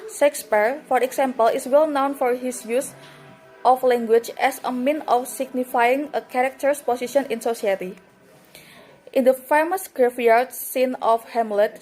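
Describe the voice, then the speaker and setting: Woman, young adult, student presenter, slightly high pitch, steady reading, occasional restarts. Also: poor audio. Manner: reads steadily, with slips and restarts.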